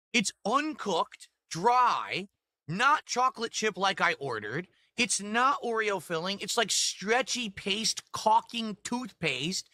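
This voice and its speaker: A man's voice: high-pitched, pushed and bright, no room sound, clean studio sound. A man reviewing food on camera from his desk at home, ranting indignantly and repeating himself. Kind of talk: angry food review rant.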